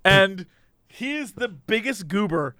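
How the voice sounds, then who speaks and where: A high-pitched man talks in an easy, animated way, jumping into voices as he retells scenes. The sound is dry and close, with almost no room around him. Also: slow, no room sound. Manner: animated storyteller, acts out quotes in voices. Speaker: podcast co-host. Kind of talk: casual chat recapping a reality show.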